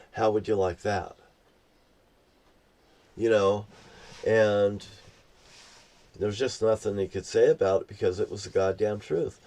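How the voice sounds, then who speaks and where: An older man with a warm, fairly low voice rambles through a personal story as a vlogger, ranting and swearing freely. He's outdoors near a beach and sits distant from the mic.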